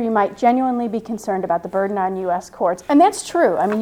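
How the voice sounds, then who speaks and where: A woman's voice: mid-range voice, dark tone, poor audio. Woman in her fifties lecturing a law class. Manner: questioning the class, thinking aloud with restarts. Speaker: law professor.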